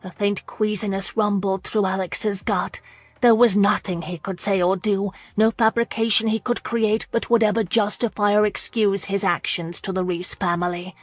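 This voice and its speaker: A woman's voice: mid-range voice, steady tone, moderate pace, no echo. Woman narrating an audiobook, dry sound. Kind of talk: scripted narration of a historical romance.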